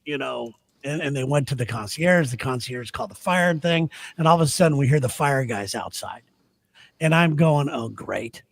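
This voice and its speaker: A man's voice: medium pitch, lively intonation, normal speed, creaky. A man telling a rambling, laughing story in casual chat on a podcast. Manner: rambling, laughing anecdotes with restarts. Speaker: podcast host.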